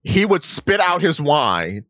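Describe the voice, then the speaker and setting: A man co-hosting a podcast in casual chat, animated, often acting out characters' lines. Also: fairly high pitch, slow pace, no echo. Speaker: podcast co-host. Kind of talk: casual chat about anime.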